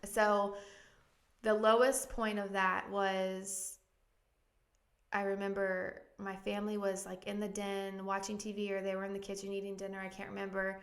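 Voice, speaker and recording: A woman's voice: medium pitch, monotone, moderate pace. A woman pastor giving a candid, emotional personal testimony as a podcast guest, earnest and full of ums and likes. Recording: echoey room.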